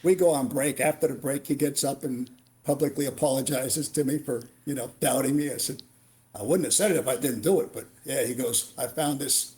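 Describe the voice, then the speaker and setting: Animated retired Marine telling war stories. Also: male voice, mid-range voice, a little fast. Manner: animated war storyteller, acts out dialogue. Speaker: podcast guest, retired Marine warrant officer. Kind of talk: storytelling interview.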